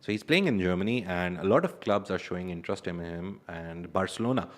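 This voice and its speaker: Low-voiced man chatting about sports. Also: lively intonation, fairly quick. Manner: chatty, lots of fillers and laughs. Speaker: sports show co-host. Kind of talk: casual sports chat.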